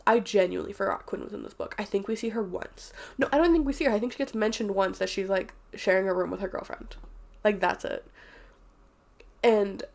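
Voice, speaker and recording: A woman's voice: medium pitch, brisk. A woman talking casually and candidly as she recaps and reviews a book, rambling a little and swearing freely.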